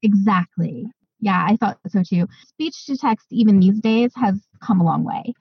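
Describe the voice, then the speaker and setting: A woman co-hosting a podcast, chatting casually and excitedly with lots of fillers. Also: mid-range voice, moderate pace, slightly rough, dry recording, lo-fi sound. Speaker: podcast co-host. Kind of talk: casual chat.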